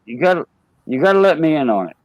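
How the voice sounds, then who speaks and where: A man's voice: fairly high pitch, big pitch swings, dry recording, poor audio. A man with a Cajun accent hosting a casual livestream chat, playful and teasing, repeating words. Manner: playful, teasing, drawn-out repetitions. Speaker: livestream host.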